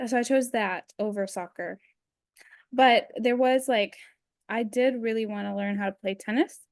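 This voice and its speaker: A woman's voice: mid-range voice, a little mellow, no room sound, clean studio sound. A young adult woman chatting as a guest on a video call, rambling with lots of fillers. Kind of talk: casual interview chat.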